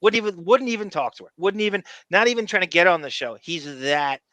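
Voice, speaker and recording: Bright-voiced man, faint Long Island accent. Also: high voice, animated, fast, no room sound. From Long Island, New York. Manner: rambling, emphatic asides. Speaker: podcast host. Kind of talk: casual chat.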